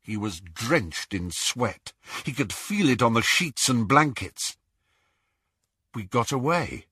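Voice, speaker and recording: A man narrating an audiobook with slow, dramatic delivery. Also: medium pitch, sing-song, sharp tone, breathy edge, no room sound, studio quality.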